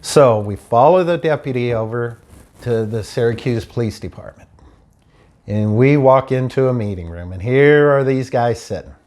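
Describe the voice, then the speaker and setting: A man's voice: mid-range voice, expressive, normal speed, a little mellow. A man casually telling a personal story, acting out what each person said in turn. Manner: acts out dialogue, quoting each person in turn. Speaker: storyteller recounting his stolen car. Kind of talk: casual spoken anecdote.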